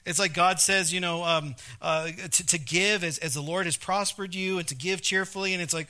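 A man's voice: sits high, steady tone, moderate pace, hardly any pauses, pushed and bright. A man preaching a sermon as a pastor, conversational, often repeating words and acting out quotes in character.

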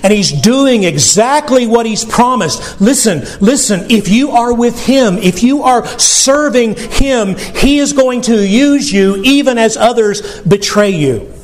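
High-voiced man preaching emphatically. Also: lively intonation, unhurried, hardly any pauses. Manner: emphatic, direct address with rhetorical questions. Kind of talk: sermon with closing prayer.

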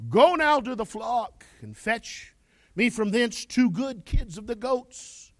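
A man's voice: very high voice, expressive, slow, no room sound, clean studio sound, exaggerated voice. A man reading the lines of a scheming biblical mother in a sermon. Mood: urging. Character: mother scheming for her younger son.

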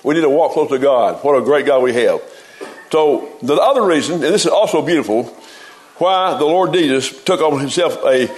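A man's voice: medium pitch, poor audio. A man preaching a sermon in a folksy, emphatic way, often repeating words as he gets going.

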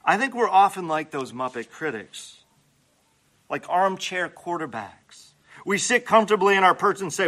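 Lively high-voiced male preacher. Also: normal speed. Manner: animated preaching with acted-out prayers and humorous asides. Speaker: pastor. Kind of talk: sermon.

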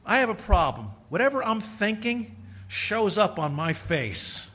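A man's voice: high voice, very animated, unhurried, fairly bright tone, slightly rough. A man preaching a sermon as pastor, talking to the congregation in a conversational way with asides. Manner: conversational preaching with asides and quoted inner voices.

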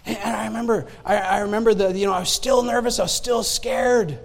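High-voiced man preaching in a reverberant church. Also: fairly quick. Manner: animated storyteller, swings between loud exclamation and quiet asides, laughs often. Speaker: guest preacher giving testimony. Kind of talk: sermon testimony. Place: church sanctuary. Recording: long hall reverb in a church.

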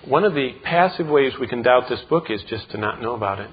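A man preaching a sermon as pastor, emphatic, with repeated words and quick asides. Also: medium pitch, lively intonation, husky. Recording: dull lo-fi sound.

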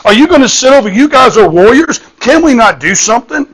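A man's voice: extremely high pitch, big pitch swings, brisk, a bit bright, voice pushed up, exaggerated voice, rough recording. A man preacher voicing a bold, fearless young shepherd boy who rouses frightened soldiers with blunt questions. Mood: eager.

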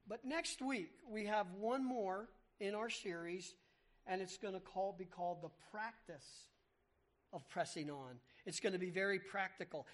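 A preacher giving an expository sermon, explaining word meanings with emphasis, repeating key words and asking rhetorical questions. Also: medium pitch.

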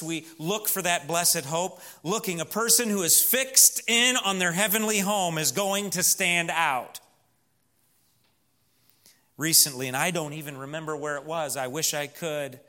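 A man with a Southern US accent preaching a sermon, earnest, moving from loud emphasis to hushed storytelling. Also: on the high side. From Missouri.

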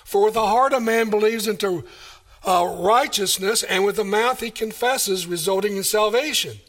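A man's voice: high-pitched, normal speed, fairly bright tone. A man preaching a sermon, emphatic and full of rhetorical questions. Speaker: pastor.

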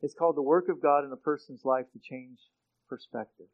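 A man preaching a sermon in an earnest way, often restarting his sentences and growing loud when he quotes scripture. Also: medium pitch, steady tone, brisk, phone-quality sound. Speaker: pastor.

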